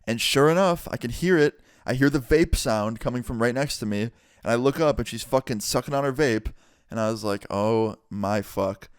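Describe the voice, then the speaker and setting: A young man casually telling a story, swearing often and retelling it in an animated way. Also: mid-range voice, fairly quick, clean tone, no echo, studio quality. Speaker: vlogger. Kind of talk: storytime vlog.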